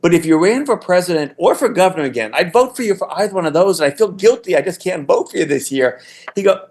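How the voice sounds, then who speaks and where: A man's voice: high voice, expressive, quick pace, a little mellow. Older man telling political stories. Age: 60s. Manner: anecdotal storytelling with frequent restarts. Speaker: guest, former political staffer. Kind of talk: casual podcast conversation.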